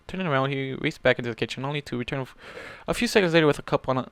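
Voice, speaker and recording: A man's voice: mid-range voice, rapid-fire, hardly any pauses, fairly bright tone, smooth, no echo. A man reading fan fiction aloud in a plain manner, with casual asides and small self-corrections.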